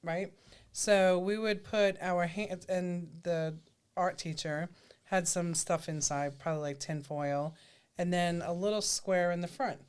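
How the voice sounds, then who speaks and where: A woman's voice: fairly low pitch, fairly even intonation, unhurried, a little mellow, clear, resonant tone. A woman co-hosting a casual live stream, chatty and telling a childhood story. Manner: chatty, laughs easily, tells stories. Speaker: livestream co-host.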